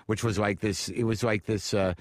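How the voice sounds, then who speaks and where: American comic guest, low voice, quick rambling delivery, dry close sound. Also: male voice, steady tone, dry recording. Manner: rambling storyteller, many restarts and fillers. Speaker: stand-up comedian, guest. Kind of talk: casual podcast chat.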